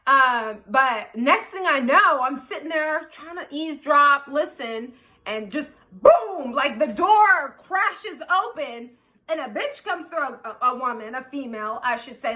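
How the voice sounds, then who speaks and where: Brief: woman vlogger, high and bright voice, animated and candid storytelling. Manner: animated, candid, swears and laughs freely. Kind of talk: casual storytime.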